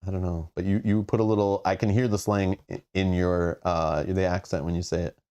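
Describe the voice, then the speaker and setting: A man's voice: sits low, level tone, brisk, dark tone, smooth. A man from Southern Ontario hosts a casual board game stream. He rambles and jokes, reading viewer comments aloud in an easygoing, conversational way. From Southern Ontario, Canada. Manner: joking, rambling, reads chat comments aloud. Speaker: board game channel host.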